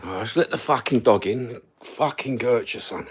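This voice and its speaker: A man's voice: medium pitch, animated, moderate pace, breathy edge. A man with a Cockney accent hosting a livestream, chatting casually and rambling between topics with plenty of swearing. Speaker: livestream host.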